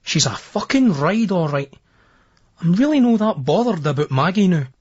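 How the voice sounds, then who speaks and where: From a dull, lo-fi remastered old tape comes a Scottish audiobook narrator voicing a novel in first person, brash, crude and swaggering. His high voice is very animated, a little mellow and husky, at normal speed.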